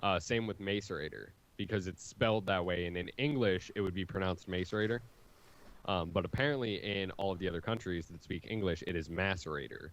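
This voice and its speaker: Deep-voiced rambling American man. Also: fast, hardly any pauses, poor audio. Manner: rambling, explains at length. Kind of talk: casual chat.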